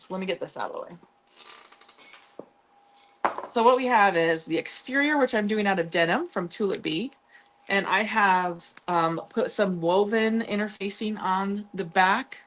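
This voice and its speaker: A woman hosting a casual live sewing tutorial, chatty and upbeat, with frequent ums and playful asides to her viewers. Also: mid-range voice. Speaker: sewing channel host.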